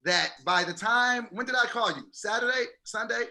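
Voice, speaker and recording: A man's voice: very high voice, moderate pace, vocal fry. A man co-hosting a podcast, telling a story in casual chat and acting out quotes with energy. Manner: animated storyteller, acts out quotes. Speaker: podcast co-host.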